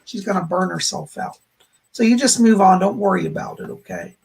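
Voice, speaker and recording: A man hosting a live stream as a psychic medium, giving readings to viewers who donate and relaying messages from spirits in a rambling way. His voice is going hoarse. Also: sits high, brisk, darkish tone.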